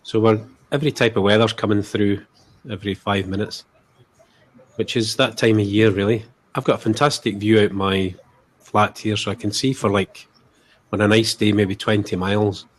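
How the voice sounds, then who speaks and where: A man talks as a guest in a casual interview. His voice sits on the low side, and he speaks in a relaxed, easygoing, modest way. He joins by video call from his flat. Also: moderate pace. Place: flat at home.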